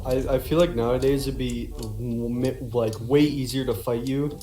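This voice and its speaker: A man's voice: medium pitch, fairly even intonation, moderate pace, warm tone, roomy sound. A man chatting casually on a voice call, making teasing, offhand remarks.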